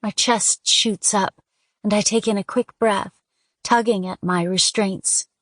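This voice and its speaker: A woman reading a first-person audiobook in a measured, intimate storytelling manner. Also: medium pitch, steady tone, dry recording, clean studio sound. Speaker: audiobook narrator.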